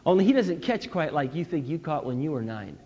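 High-voiced man preaching in an echoing hall. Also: fairly quick, a little hiss or hum. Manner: animated storytelling, swings from loud to hushed. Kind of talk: sermon on parenting. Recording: dull lo-fi recording with long hall reverb.

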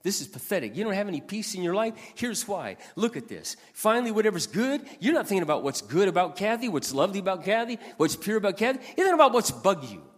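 A man booming as a stern scolding God. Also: sing-song, quick pace, vocal fry, few pauses, husky, heavily acted. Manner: loud, forceful rebuke, repeating the name. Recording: long hall reverb.

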